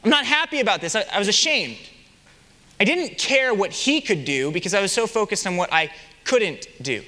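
Young male pastor, high and lively, animated sermon delivery with rhetorical questions. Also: normal speed, long reverb tail.

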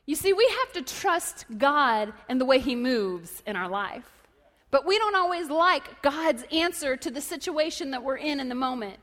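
A woman delivers a sermon in a high, bright register, spinning stories and popping into character voices. Her words carry a long reverb from a large church hall. She moves between quiet asides and sudden shouts. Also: moderate pace. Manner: animated storytelling, acts out voices and shouts. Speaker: preacher.

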